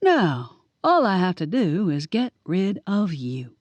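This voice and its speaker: A woman's voice: on the low side, big pitch swings, takes it slowly, darkish tone, no room sound. A woman voicing a cowardly, scheming male villain who whines and pleads when cornered in an audiobook. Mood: gloating.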